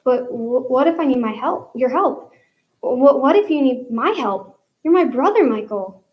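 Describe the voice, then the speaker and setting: A woman reading a steady, determined boy hero. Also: on the high side, normal speed, echoey room, highs cut off, lightly acted. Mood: urgent. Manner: steady, urgent, protective. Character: determined, protective boy on the run.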